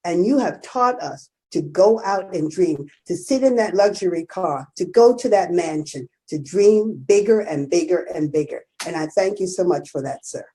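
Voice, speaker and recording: A woman's voice: on the low side, expressive, moderate pace, hardly any pauses, dark tone. A woman co-hosting a live stream, speaking earnestly and gratefully to her guest. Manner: earnest, grateful tribute with many affirming murmurs. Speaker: co-host. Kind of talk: interview chat.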